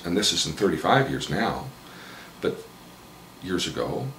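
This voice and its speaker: A man working as a therapist, recounting a client session with animated, dramatizing delivery. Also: low voice, measured pace, pauses often, slight background noise. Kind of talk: storytelling lecture. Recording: roomy echo, faint ambience.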